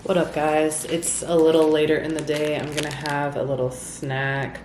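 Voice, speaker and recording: A woman from Colorado talking casually to camera in a vlog, relaxed and chatty, with easy slang and filler words. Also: deep voice, normal speed, background noise. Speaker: vlogger. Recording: background music under the voice.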